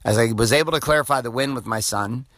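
A man in his forties hosts a podcast, talking off the cuff in an intense, profane, filler-heavy way. His voice is forceful and tense. The sound is dry and close. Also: mid-range voice, fast, no echo. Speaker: podcast host. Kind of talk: off-the-cuff motivational monologue.

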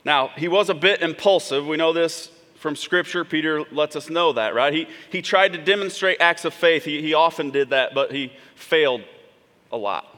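With a sharp tone and a voice on the high side, a man preaches at a moderate pace as pastor, chatting with the congregation and frequently checking in with asides. The setting is a church sanctuary, captured with long hall reverb.

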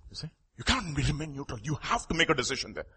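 A high-voiced man delivers a sermon. His voice is bright and a little husky, and it rises and falls widely as he presses each point. He drops to quiet asides between the loud, emphatic lines. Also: very animated, fast talker. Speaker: preacher.

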